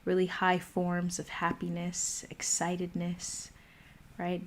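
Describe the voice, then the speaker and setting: Calm woman hosting a mindfulness livestream from home, slow and flat, lots of pauses. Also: fairly low pitch, slight background noise. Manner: slow, calm, pausing often. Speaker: meditation host.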